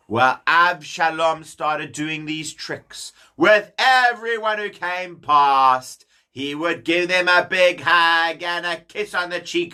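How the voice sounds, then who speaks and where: A man telling a story to children, animated, talking straight to his young listeners. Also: on the high side, takes it slowly, hardly any pauses, smooth. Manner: animated, addresses kids directly.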